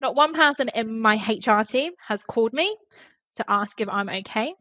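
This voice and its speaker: A woman's voice: a little high, lively intonation, moderate pace, pushed and bright, no room sound, lo-fi sound. A woman, a podcast guest and former HR specialist, telling an earnest and emotional story in casual conversation.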